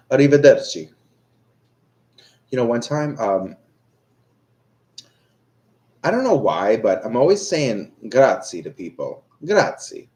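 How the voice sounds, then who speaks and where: On a live stream, a young tarot reader talks casually with viewers, his voice sitting on the low side with a little mellowness. He rambles, pokes fun at himself, and fills his speech with fillers and false starts.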